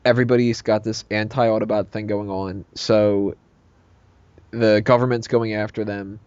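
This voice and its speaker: A man in casual podcast talk, voice mellow and low in brightness, close and dry with no room sound. He talks in an animated, jokey way, and the recording sounds slightly muffled. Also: normal speed, smooth, dry recording. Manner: animated, jokey, quotes lines in put-on voices. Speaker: podcast co-host. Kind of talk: casual movie review chat.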